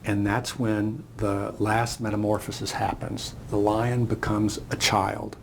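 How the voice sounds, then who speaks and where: A man's voice: fairly low pitch, flat delivery, measured pace, vocal fry, slight background noise. An older man giving a reflective motivational talk, telling a parable as a story. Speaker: speaker.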